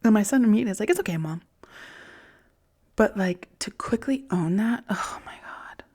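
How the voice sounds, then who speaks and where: A woman hosting a podcast, speaking in a candid, reflective monologue that often drops into soft whispers, with casual swearing. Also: mid-range voice, brisk, breathy edge. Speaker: podcast host.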